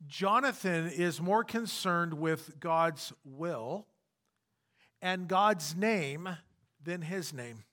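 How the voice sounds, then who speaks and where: A man's voice: fairly high pitch, expressive, drawn-out words, pushed and bright. A man preaching a sermon as pastor, emphatic and repeating his key points.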